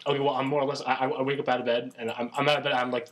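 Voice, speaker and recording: A man playing in a tabletop game, answering his game master with short replies and quick interjections. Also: medium pitch, little pitch movement. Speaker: player. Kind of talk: casual chat at a gaming table.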